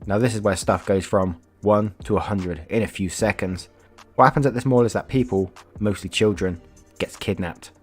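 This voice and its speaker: A man reading online stories aloud and reacting with animated asides, with faint music behind. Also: fairly low pitch, moderate pace, husky. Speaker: story reader.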